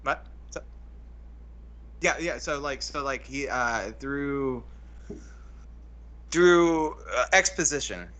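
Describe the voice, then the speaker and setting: A man's voice: mid-range voice, slow, long pauses, a bit bright. A man co-hosting a casual film breakdown chat, rambling and restarting his sentences often. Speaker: co-host.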